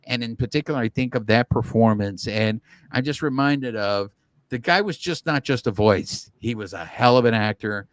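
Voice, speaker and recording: A man's voice: on the low side, dry recording. A man co-hosting a baseball podcast, chatting casually and animatedly, often restarting his sentences. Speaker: podcast co-host. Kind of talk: casual sports chat.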